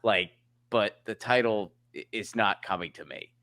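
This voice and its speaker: A man's voice: fairly low pitch, moderate pace, no echo. A man guesting on a casual comedy podcast, exclaiming and poking fun at himself. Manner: animated, self-mocking, exclamatory. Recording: dry close sound.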